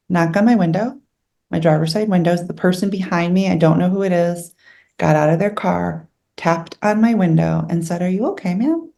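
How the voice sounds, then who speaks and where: Earnest middle-aged woman, low voice. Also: creaky, warm tone. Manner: earnest, candid, emotional retelling. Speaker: interview guest. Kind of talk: personal storytelling in an interview.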